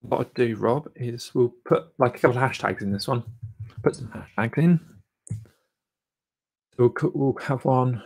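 A man with a voice of ordinary pitch hosts a live channel review. He talks loosely and encouragingly, with plenty of ums and restarts. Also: moderate pace, pauses often, a little mellow, slightly rough. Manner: rambling, filler-heavy, encouraging. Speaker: YouTube channel coach and host.

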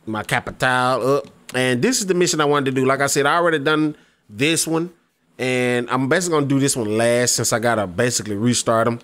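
Rambling gamer commentating gameplay. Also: male voice, mid-range voice, quick pace, a bit bright. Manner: rambling, many fillers and restarts, addresses viewers directly. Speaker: gaming YouTuber.

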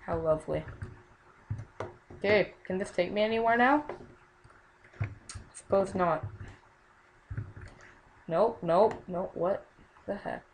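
A woman's voice: medium pitch, slow pace, long pauses, a little hiss or hum, poor audio. A young woman casually commenting on her own gameplay, exclaiming often and muttering under her breath.

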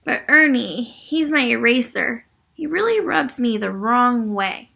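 Lady doing a sad little yellow pencil from a kids book, doubting himself, gravelly, kinda husky. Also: fairly high pitch, animated, unhurried, heavily acted. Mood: discouraged. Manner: glum, self-doubting.

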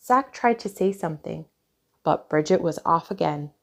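A woman reading a children's picture book aloud, clear and expressive. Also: sits low, normal speed. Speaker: storyteller.

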